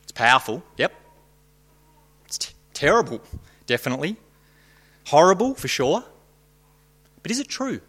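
A man's voice: a little high, sing-song, moderate pace, pauses often, bright, forceful tone. A man leading a prayer and preaching a sermon, talking through his points with rhetorical questions in a conversational way. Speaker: pastor. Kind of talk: sermon with dramatic reading.

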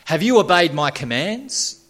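A preacher voicing the law of God as a stern, accusing talking scroll. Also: male voice, fairly high pitch, big pitch swings, measured pace, a bit bright, pitched above the performer's own voice, full character voice. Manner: accusing, demanding questions.

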